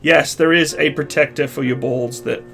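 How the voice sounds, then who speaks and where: A Canadian man, likely in his thirties, hosting a live stream, reading viewer questions and answering in a relaxed, rambling way with many pauses. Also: a little high, gravelly, soft background music. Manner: relaxed, chatty, hesitant with many uhs.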